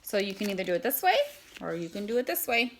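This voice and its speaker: A woman's voice: medium pitch, very animated, fast, slight background noise. A woman giving a casual how-to demonstration, chatting as she packs and handles mail. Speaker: product seller.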